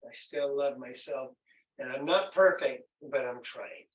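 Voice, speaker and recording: A man leading a stress workshop in a gentle, encouraging, conversational way. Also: medium pitch, a little slow, echoey room, distant mic, muffled recording. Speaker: workshop presenter. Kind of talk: online workshop teaching.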